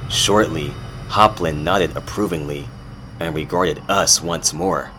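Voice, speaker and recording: Deep, slow-spoken horror narrator. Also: male voice, bright, forceful tone, a little hiss or hum. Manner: measured, dramatic storytelling. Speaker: narrator and host. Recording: music playing underneath.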